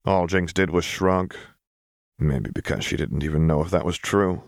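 A man reading a fan-fiction story aloud as narrator, with steady storytelling. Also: deep voice, normal speed, creaky, no room sound, studio quality. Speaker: audiobook narrator. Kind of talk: scripted narration.

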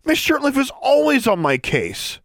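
A man voicing a defiant, quick-tempered teenage witch girl with sharp, indignant outbursts in a storybook reading. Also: medium pitch, huge pitch swings, no room sound, clean studio sound, pitched above the performer's own voice.

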